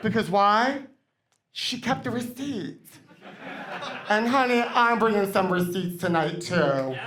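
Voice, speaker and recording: Taking it slowly with lively intonation, a woman with a mid-range, slightly bright voice performs in-character stand-up as a comedy guest. On a theater stage for a live audience, she's a brash, vain diva pop star, campy, rambling and calling everyone honey.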